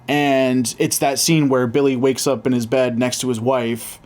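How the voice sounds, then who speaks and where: A man co-hosting a casual movie chat, telling stories in a relaxed, enthusiastic way. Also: medium pitch, a little slow. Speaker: podcast co-host.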